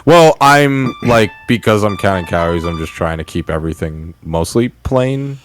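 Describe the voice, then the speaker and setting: A man's voice: lowish voice, expressive, moderate pace, faint music behind. A young man in casual chat as a stream co-host, joking and self-deprecating, laughing often.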